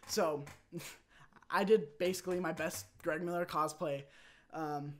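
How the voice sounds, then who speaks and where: A young man hosting his own channel, telling a rambling personal story in a casual, animated way and acting out quotes. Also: on the high side, slight background noise. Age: young adult. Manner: animated, rambling, with quick restarts and acted-out quotes. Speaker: channel host.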